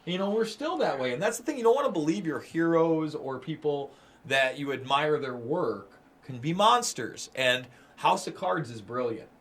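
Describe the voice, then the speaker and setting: Brief: fired-up male livestream host, slightly high voice, profane, emphatic. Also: animated, moderate pace, fairly bright tone, slightly rough. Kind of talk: casual livestream chat.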